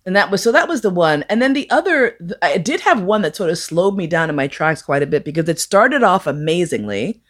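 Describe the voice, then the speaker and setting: A woman with a fairly low voice tells a raunchy story to a live crowd. She swears freely and slips in and out of voices as she quotes people. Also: brisk, hardly any pauses. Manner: profane, animated, acts out quoted voices. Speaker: storyteller guest.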